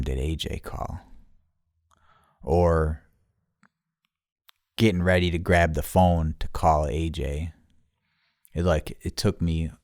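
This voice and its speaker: A middle-aged man on a podcast, casually telling a profane, animated story full of quoted voices. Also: low-pitched, no room sound, studio quality. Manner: profane, animated retelling with quoted voices, turning quiet and somber. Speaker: podcast host.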